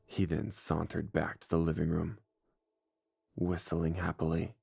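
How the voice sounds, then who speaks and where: A man narrating a scripted horror story in a measured, deliberate way, with music playing behind him. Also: sits low, monotone, gravelly, a little mellow, husky, no room sound, studio quality. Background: faint music score.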